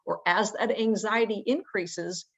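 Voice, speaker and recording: A woman's voice: mid-range voice, a little slow, breathy edge. A woman presenting a training webinar, explaining ideas in a conversational way with fillers and rhetorical questions. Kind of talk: instructional webinar talk. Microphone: remote webinar audio.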